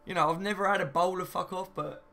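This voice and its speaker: A man's voice: high voice, fairly even intonation, quick pace, creaky, bright, forceful tone. A young man hosting a casual live stream from home, reading viewer comments and laughing often. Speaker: fan channel host.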